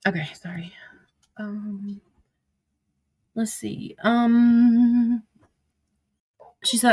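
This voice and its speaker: A woman's voice: fairly high pitch, very slow, pauses often, a little mellow, breathy edge. Woman commentator, blunt and foul-mouthed, reads out text messages casually and breaks into sudden outbursts. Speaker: social media drama commentator.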